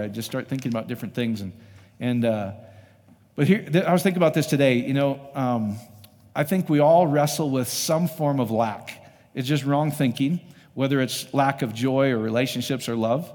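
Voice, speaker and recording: A man's voice: mid-range voice, darkish tone. A man preaching a sermon in a loose, conversational way, often asking his listeners rhetorical questions. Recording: long reverb of a hall.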